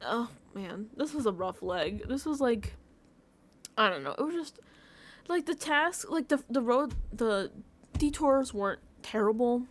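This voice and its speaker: A woman's voice: a little high, lively intonation, measured pace. A woman vlogger recapping a reality show in a casual reaction chat, talking emotionally and effusively, full of "like" and breaking into laughs. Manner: effusive, emotional, filler-heavy with frequent "like"; laughs between phrases.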